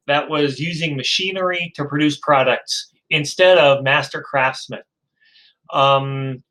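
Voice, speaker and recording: A male professor giving a recorded lecture, telling a story in a relaxed, hesitant way with many fillers. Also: on the high side, rough recording.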